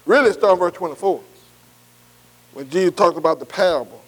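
A man's voice: high voice, brisk, rough recording. A man preaching a call-and-response sermon, asking "am I right?" again and again. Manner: repeats "am I right?" to the congregation.

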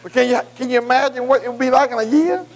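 Man, high-pitched voice, bible class teacher, sermon style, earnest, plain-spoken, call-and-response questions. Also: fast talker, poor audio. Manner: repeated "am I right?" checks with listeners.

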